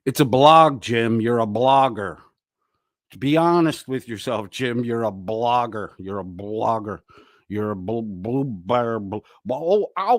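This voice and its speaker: A male livestream host taunts and mocks in crude, profane commentary at a mid-range pitch. The sound is dry and close, with no room echo at all. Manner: taunting, crude, laughing between jabs.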